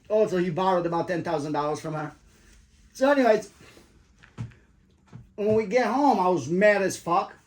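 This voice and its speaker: A man, a father, telling his children a story in casual chat, animated and swearing often, acting out what people said. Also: high-pitched, a little slow, long pauses, a little hiss or hum. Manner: animated, swears a lot, acts out quoted voices.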